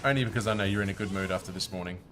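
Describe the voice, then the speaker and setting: Low-voiced chatty male game streamer. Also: rapid-fire. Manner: chatty, talks to viewers while playing. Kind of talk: casual live-stream commentary.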